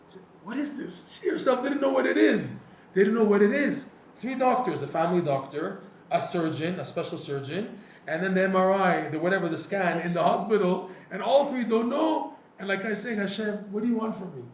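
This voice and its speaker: A man teaching a Torah class, telling a personal story and acting out his own prayers and dialogues in an animated way. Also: high-pitched, brisk. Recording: echoey room with faint noise.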